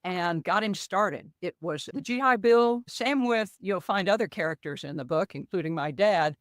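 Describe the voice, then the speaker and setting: Older woman guest, animated storyteller, dry close sound. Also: on the low side, normal speed, no echo. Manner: animated storyteller, acts out quoted dialogue. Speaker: co-author guest. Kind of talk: conversational podcast interview.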